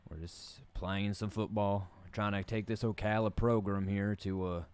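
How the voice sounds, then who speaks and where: This gaming streamer from the Southern US gives laid-back, joking play-by-play of a football game and laughs often. His voice is fairly low and steady, a little mellow and clean, delivered at a moderate pace in casual commentary.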